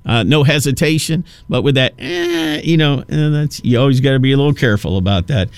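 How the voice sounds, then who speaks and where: A man in his fifties hosts a talk radio show and rambles through a casual on-air monologue. He talks at a middling pitch, wanders off on asides, and restarts his sentences often. His voice sounds close and dry, with no room echo. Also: quick pace, darkish tone, clear, resonant tone. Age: 50s.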